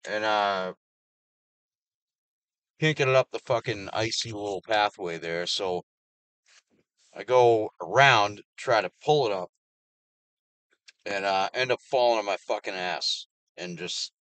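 Profane, low-voiced man ranting. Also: clear, resonant tone, no echo. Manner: heavily profane, swings between loud outbursts and low mutters. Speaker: vlogger. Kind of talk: angry personal rant to camera.

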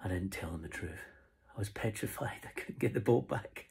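A man's voice: sits low, expressive, normal speed, gravelly, a little mellow, slightly rough. A middle-aged man with a Scottish accent, chatting casually to camera about flies he ties and sells, in a rambling, jokey way. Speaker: fly tier and seller. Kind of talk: casual vlog talk to camera. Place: camping on the road.

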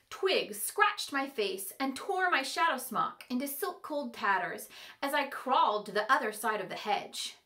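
Woman storyteller, playful, fairly high-pitched and very lively. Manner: expressive, playful. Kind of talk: reading a novel aloud.

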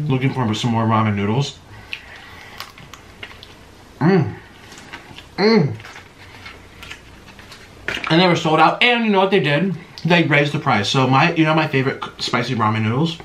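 A man's voice: medium pitch, fairly bright tone, slight background noise. Chatty man talking between bites. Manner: chatty, eating between sentences, mouth-full humming. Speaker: mukbang vlogger. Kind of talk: casual chat while eating.

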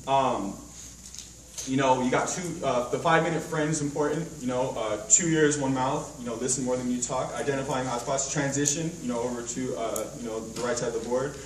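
A man's voice: medium pitch, fairly even intonation, brisk, slight background noise. A man training a sales team at a meeting, casual and rambling, full of fillers and analogies, recorded from far off in an echoey hotel room.

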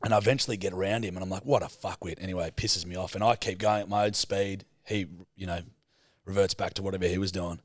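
A young Australian man co-hosting a podcast, swearing freely and getting loud and animated as he tells a story. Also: low-pitched, fast, no room sound, clean studio sound. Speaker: podcast co-host. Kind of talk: casual chat, storytelling.

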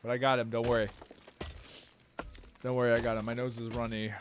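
A man giving playful let's-play commentary as a game streamer, swearing and talking back at the creatures on screen, with sudden loud outbursts. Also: mid-range voice, flat delivery, a little fast, a little hiss or hum.

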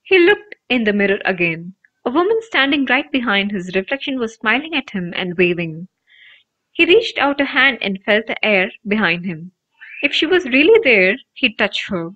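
A woman narrating an audiobook with expressive, emotive storytelling. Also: fairly high pitch, normal speed. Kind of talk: audiobook reading. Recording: dull lo-fi recording.

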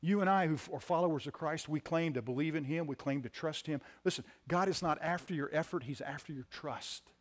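A pastor preaching a sermon to his congregation, swinging from loud emphatic lines to quiet ones and repeating key phrases. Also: a little high, brisk, few pauses. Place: church sanctuary.

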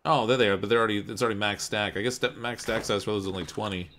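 A man's voice: fairly low pitch, fairly even intonation, very fast, a bit bright, slight background noise. A man hosting a live game stream, chatting casually and joking with his pet cat. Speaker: streamer host. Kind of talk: casual gameplay commentary.

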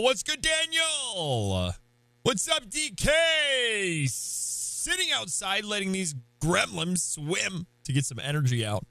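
A young man streams a game live, his high, bright voice bouncing all over as he shouts hellos to viewers. The sound is close and dry. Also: no echo. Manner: hyped, playful, shouts greetings to chat.

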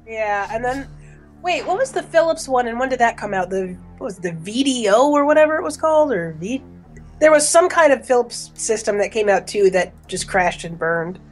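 A woman's voice: on the high side, lively intonation, moderate pace, soft background music. A woman on a casual podcast panel, talking in a chatty way with plenty of fillers.

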